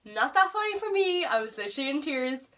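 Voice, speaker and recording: A young woman rambling through a storytime vlog at home, swearing freely and getting animated. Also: high-pitched, fast. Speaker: vlogger. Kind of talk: storytime vlog, casual chat. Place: home room. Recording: voice a bit far from the mic.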